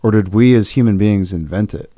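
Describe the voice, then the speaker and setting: A man's voice: on the low side, a little fast, dark tone, dry recording, studio quality. A man guest on a podcast, chatting casually with playful, philosophical asides. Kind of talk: casual chat.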